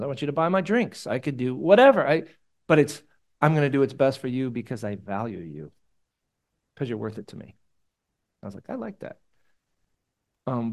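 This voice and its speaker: A man's voice: medium pitch, a little mellow. A man, a pastor, gives a conversational sermon in a church meeting room, rambling and casual with sudden emphatic rises.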